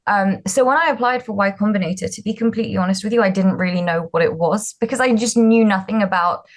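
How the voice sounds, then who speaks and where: A woman's voice: medium pitch, fast. A woman, a startup founder telling her story in a casual interview, chatty and self-deprecating with frequent ums and likes. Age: 20s.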